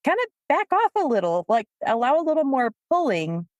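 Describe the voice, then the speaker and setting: A woman co-hosting a podcast, a dog trainer telling stories with a lively manner and frequent laughter. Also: high voice, a little fast, dry recording. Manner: lively storyteller, laughs often. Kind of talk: casual podcast chat.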